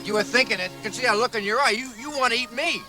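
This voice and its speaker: An actor playing a whiny, smug, cowardly chauvinist jungle guide in a comedy film, with music in the soundtrack. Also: male voice, very high voice, racing, bright, forceful tone, heavily acted.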